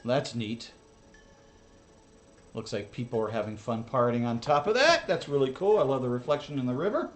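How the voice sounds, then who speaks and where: A mid-pitched American man hosting his own channel, keeping up a loose, rambling running commentary full of small asides. His voice is ordinary and unforced, with faint music playing underneath. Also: big pitch swings, fast talker, hardly any pauses. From United States. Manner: chatty, rambling asides with laughs. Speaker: channel host. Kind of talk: casual reaction commentary.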